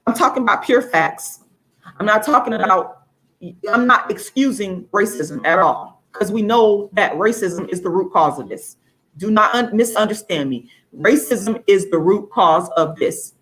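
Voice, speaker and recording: An angry, outraged woman author and activist rants to viewers on a livestream, swearing a lot and repeating her points for force. Her medium-pitched, fairly bright voice is animated, and she speaks a little slowly.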